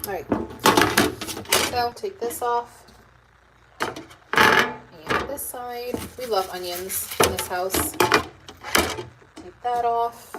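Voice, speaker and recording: Speaking extremely slowly and pausing often, this homemaking channel host has a fairly high voice. She rambles to viewers and reads their comments during her live cooking stream, picked up by a distant mic over heavy kitchen noise.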